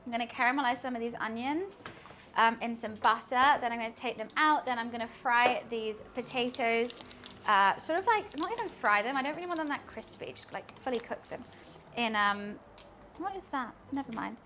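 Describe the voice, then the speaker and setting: A woman's voice: fairly high pitch, animated, normal speed, pushed and bright, a little hiss or hum. A young woman live streaming while she cooks in her kitchen, chatting to her viewers in a self-mocking way and laughing often. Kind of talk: casual chat to a live stream audience while cooking. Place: home kitchen.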